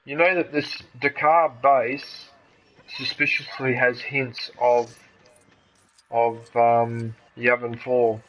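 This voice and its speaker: An Australian man hosting casual gameplay commentary, chatty and excitable, laughing at his own jokes. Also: medium pitch, takes it slowly, low-quality recording. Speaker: gaming channel host.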